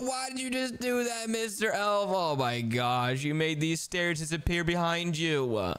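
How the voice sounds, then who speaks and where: A woman's voice: on the low side, unhurried, slight background noise. A young woman hosting a game role-play video, playing a character who pleads, panics and jokes. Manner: excitable, pleading, dramatic. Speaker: gaming channel host playing a character.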